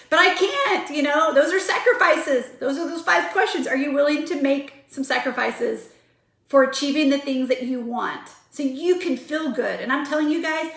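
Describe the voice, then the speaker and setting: A woman's voice: high voice, lively intonation, moderate pace, a bit bright, reverberant. A woman in her forties giving an earnest, emphatic motivational pep talk to her online group. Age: 40s. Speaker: vlogger.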